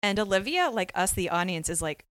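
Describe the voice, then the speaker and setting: A woman co-hosting a casual podcast, retelling scenes with animated energy and frequent laughter. Her voice sits at a middle pitch and sounds dry, with no room around it. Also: brisk, dry recording. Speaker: podcast co-host. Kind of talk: casual recap chat.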